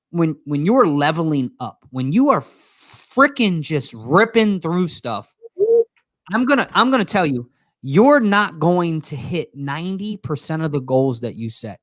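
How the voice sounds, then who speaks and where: A man's voice: fairly high pitch, sing-song, unhurried, dry recording, clean studio sound. A man co-hosting a casual live stream, stammering through restarts and greeting viewers by name. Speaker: co-host.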